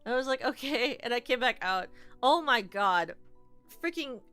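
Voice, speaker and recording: A young woman streamer telling stories casually to her chat, animated, with lots of "like", shrieking when she relives the scary parts. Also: fairly high pitch, moderate pace, smooth, soft background music.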